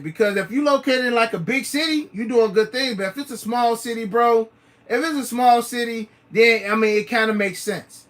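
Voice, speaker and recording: This is casual livestream chatter from a sneaker channel host whose voice is very high and a bit bright, delivered at a moderate pace. He rambles loosely, repeating himself and using lots of slang and filler words.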